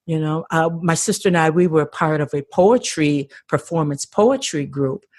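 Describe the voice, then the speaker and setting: A woman's voice: low voice, normal speed, a little mellow. An older woman, a podcast guest, telling her story with passion and frequent restarts over a remote call. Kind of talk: conversational interview.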